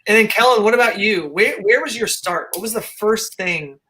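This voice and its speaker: A man's voice: high-pitched, normal speed, background noise. A man hosting a live panel interview over a video call, asking rambling, enthusiastic questions. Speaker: host.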